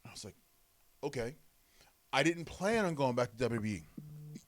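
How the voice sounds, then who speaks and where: A former wrestler, a man, telling lively stories in an interview and acting out the quotes. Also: mid-range voice, moderate pace, a little hiss or hum. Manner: animated storyteller, acts out quotes. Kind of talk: storytelling interview.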